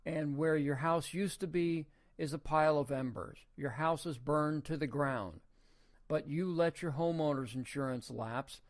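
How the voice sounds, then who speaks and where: Man rambling through folksy rhetorical questions. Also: on the high side. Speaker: podcast host. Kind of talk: casual opinion monologue.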